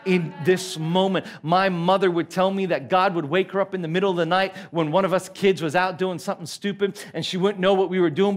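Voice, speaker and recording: An Australian pastor preaching a sermon at a church service, earnest and emphatic with playful asides. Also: male voice, high-pitched.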